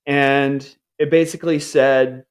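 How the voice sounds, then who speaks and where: A man in his forties telling a candid personal story in an earnest way, and he acts out his upbeat self-talk in a higher voice. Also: little pitch movement, slow pace, clean tone.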